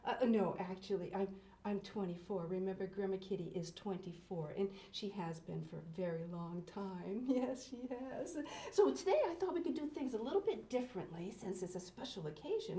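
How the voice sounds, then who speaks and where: A woman's voice: fairly high pitch, mellow, echoey room. A woman hosting a children's TV show, gushing and exclaiming as she talks straight to young viewers. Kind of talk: children's TV presenting.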